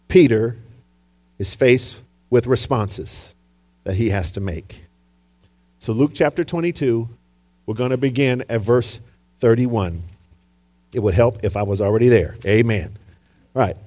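Preaching from the pulpit, a man with a mellow, medium-pitched voice tells a story with dramatic flair. He acts out the quotes and invites responses from the congregation.

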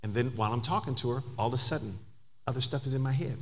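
A man's voice: mid-range voice, racing. A man preaching a sermon as pastor, telling a story and building to emphatic, climbing passages.

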